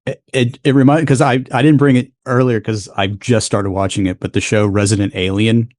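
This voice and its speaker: A man's voice: fairly low pitch, fairly even intonation, brisk, darkish tone, dry recording, clean studio sound. A man co-hosting a podcast in casual chat, teasing, swearing freely and laughing often. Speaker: podcast co-host.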